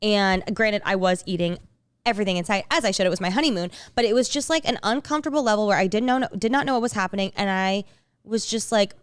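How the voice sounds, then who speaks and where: Smooth-voiced woman rambling on a podcast. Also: mid-range voice, fast, no echo. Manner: rambling, full of "like" and restarts. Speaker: podcast co-host. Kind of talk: casual chat.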